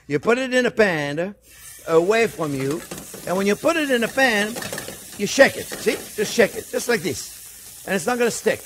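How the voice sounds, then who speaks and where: A man's voice: high voice, animated, moderate pace, a bit bright, slight background noise. A male chef hosting a cooking demonstration in a kitchen, talking in a chatty, jokey way and calling the viewers his friends. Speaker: cooking show host, chef. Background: faint sizzling pan.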